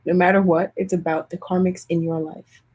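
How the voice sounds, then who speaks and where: A young woman tarot reader chatting casually with viewers in a hushed, half-whispered voice, often calling out to them directly. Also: fairly low pitch, little pitch movement, fairly quick, husky, poor audio. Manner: chatty, keeps addressing viewers as "you guys". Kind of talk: casual livestream tarot chat.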